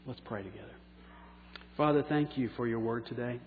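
A pastor preaching a sermon, slowing down for key phrases and letting line endings trail off softly. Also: male voice, mid-range voice, vocal fry, slight background noise. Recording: echoey hall on a tinny phone-like line.

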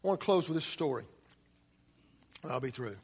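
A man preaching a sermon as pastor, emphatic, swinging from loud urgency to quiet intensity. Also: medium pitch, lively intonation, moderate pace, husky, big-room sound.

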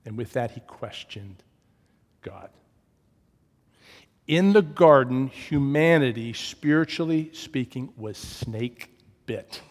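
Pastor preaching in a reverberant hall. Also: male voice, expressive, slow, long pauses. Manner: storytelling, swings from loud emphasis to hushed low tones. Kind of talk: sermon.

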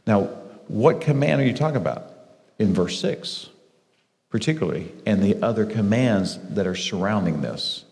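A man teaching a Bible study, explaining scripture and reading passages slowly and deliberately, with some self-correcting restarts. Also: lowish voice, expressive, creaky, darkish tone, long reverb tail.

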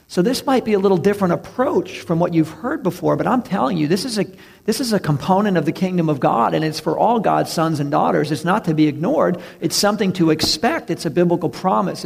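Gravelly-voiced male preacher. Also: on the high side, a little mellow. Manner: preaching with emphatic slow stresses and acted-out quotes. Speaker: pastor. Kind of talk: sermon.

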